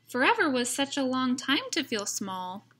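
A woman reading a rhyming picture book aloud, gently, pausing to comment to her listeners. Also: high-pitched, big pitch swings. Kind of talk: rhyming read-aloud narration with asides.

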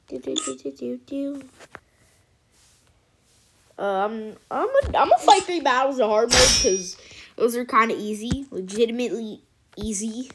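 Woman host, chatty game commentary, fairly high voice, faint hiss behind. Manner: excitable, chatty, cheering at wins. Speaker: gaming channel host. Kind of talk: casual let's-play commentary.

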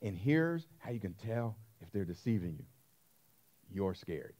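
A man preaching a sermon as pastor, emphatic, swinging between hushed asides and loud stressed words. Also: on the low side, big pitch swings, unhurried.

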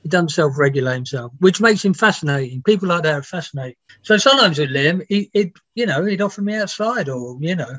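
A man's voice: fairly high pitch, animated, fast talker, hardly any pauses, fairly bright tone, no echo. A man, a music biographer, telling rambling, laughing anecdotes with some swearing in a casual interview. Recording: dull, dry lo-fi sound.

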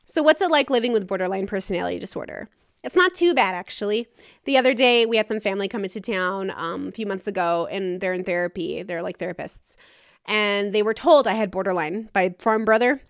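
A woman's voice: medium pitch, fairly quick, no room sound, clean studio sound. A woman hosting her own podcast, talking frankly and casually in a solo monologue, with some swearing. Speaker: podcast host.

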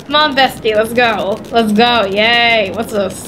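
A woman's voice: fairly high pitch, a little slow, fairly bright tone, a little hiss or hum, poor audio. A woman with a sore throat casually chatting through a video game, playful and teasing. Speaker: gaming video host. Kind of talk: casual gaming commentary. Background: game music.

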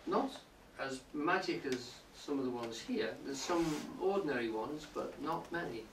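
A man lectures on poetry to a live audience indoors, explaining things step by step and frequently checking in with his listeners. His voice is medium in pitch with lively intonation and a moderate pace. The recording sounds roomy and distant, with a faint hiss.

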